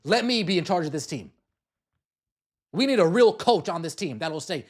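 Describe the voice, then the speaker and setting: Man, podcast host, higher voice, angry repetitive rant, cursing. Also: lively intonation, moderate pace, long pauses. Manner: angry, ranting, repeats himself, swears. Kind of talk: heated sports rant.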